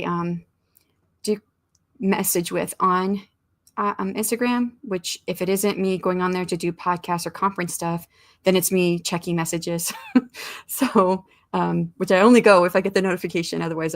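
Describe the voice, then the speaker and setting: A woman hosts a writing livestream in a loose, rambling chat, reading viewers' comments aloud as she goes. Her mid-range voice carries a heavy, gravelly vocal fry throughout. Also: mid-range voice. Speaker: host of a writing sprint livestream.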